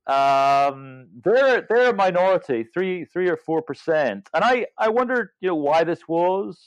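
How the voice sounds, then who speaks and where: The voice sits high, with lively intonation, a measured pace and a clear, resonant tone without room sound. He is an older author and legal scholar, fifty or more, musing his way through an interview as a guest, often hesitating and starting over, all captured in dull, dry lo-fi audio.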